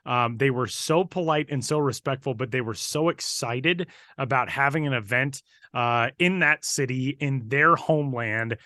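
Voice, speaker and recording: A man co-hosting a podcast and telling a story in a casual, animated way. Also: mid-range voice, moderate pace, no echo, clean studio sound. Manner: animated, building excitement while recounting. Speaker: podcast co-host and broadcaster.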